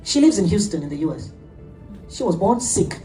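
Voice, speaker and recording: Animated woman preacher, echoey room. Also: mid-range voice, normal speed, faint music behind. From Nigeria. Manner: animated storytelling preacher, laughs often. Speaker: pastor. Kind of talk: sermon. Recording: echoey room, heard from a distance.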